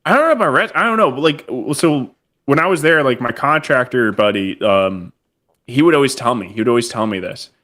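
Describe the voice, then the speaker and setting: A man, a military veteran and guest on a podcast, relaxed and telling stories in casual chat with small chuckles. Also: medium pitch, fairly quick. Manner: relaxed anecdotal storyteller, chuckles between phrases.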